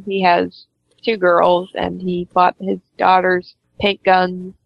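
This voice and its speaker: A woman's voice: fairly low pitch, completely flat delivery, slow, vocal fry, no echo, muffled recording. A woman with a slight non-native accent in casual chat, giggly and self-conscious about how she pronounces words.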